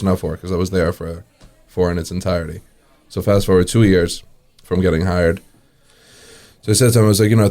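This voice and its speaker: A low-voiced man, a restaurant owner who is a guest on an interview. He relaxes into long anecdotes, acts out the quoted dialogue and chuckles as he goes. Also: darkish tone. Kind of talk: casual storytelling in an interview.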